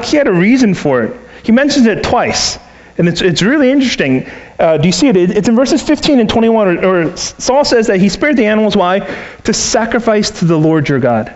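A man's voice: high-pitched, dull audio. A man preaching a sermon as a pastor, storytelling and acting out the voices he quotes. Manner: animated, acts out quoted voices.

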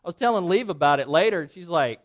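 A man preaching a sermon, telling a personal story conversationally, with self-deprecating asides and lively acted-out dialogue. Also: sits high, fast talker. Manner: animated, acts out dialogue in shifting voices. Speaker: pastor.

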